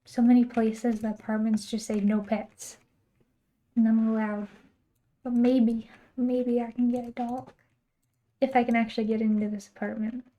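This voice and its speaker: A young American woman chats her way through a game stream, drifting from one aside to the next and laughing often. Her voice sits a little high but sounds soft and mellow. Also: flat delivery, moderate pace. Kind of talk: casual chat while gaming.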